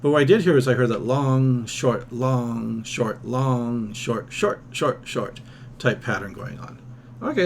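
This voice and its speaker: A man teaching music theory who thinks out loud and breaks into sung solfège and scat syllables. His voice sits at an ordinary middle pitch, and he keeps the talk casual and self-deprecating. A faint hum runs under the recording. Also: a little slow, gravelly. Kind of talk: recorded ear-training lesson.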